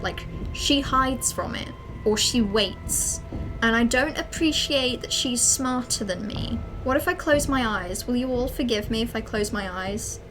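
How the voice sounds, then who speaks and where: A young adult woman giving excitable, dramatic let's play commentary as a streamer, swearing often. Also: fairly high pitch, background noise.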